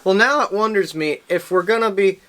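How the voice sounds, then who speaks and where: A man's voice: high-pitched, brisk, fairly bright tone. A man co-hosting a casual chat, making wry jokes and asking playful questions. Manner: wry, joking. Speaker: co-host.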